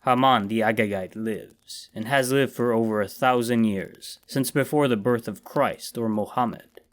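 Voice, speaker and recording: A man voicing a grim, weary ancient immortal in a horror story, with a deep voice and slow, somber delivery. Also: close to an everyday voice. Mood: grave.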